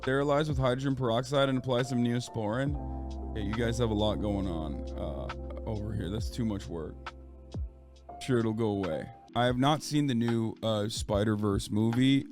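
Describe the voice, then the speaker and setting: A man in his early thirties chatting casually and rambling to his stream audience. He is sick and curses freely. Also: medium pitch. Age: 30s. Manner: rambling, profane, restarts and trails off. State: sick, stuffy.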